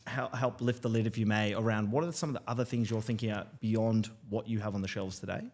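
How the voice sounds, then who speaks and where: A male podcast host with a fairly low voice talks quickly. He asks curious questions and encourages his guest with short, warm affirmations. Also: fairly even intonation. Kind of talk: casual podcast interview.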